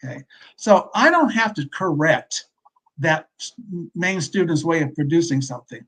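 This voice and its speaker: A man's voice: on the high side, expressive, normal speed, fairly bright tone, husky. A man from the US West Coast, a literacy expert guest explaining his points in a casual, conversational panel discussion.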